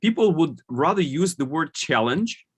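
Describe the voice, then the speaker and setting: A man's voice: fairly high pitch, very animated, moderate pace, breathy edge. A man giving an online conference talk, explaining points with many fillers and restarts. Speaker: conference speaker.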